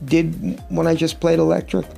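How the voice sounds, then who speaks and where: A gravelly, somewhat high-voiced middle-aged man talks casually about life as a touring guitarist. He rambles through anecdotes with wry humor, and faint music plays behind him. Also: completely flat delivery, normal speed, warm tone. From United States. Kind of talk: casual interview chat.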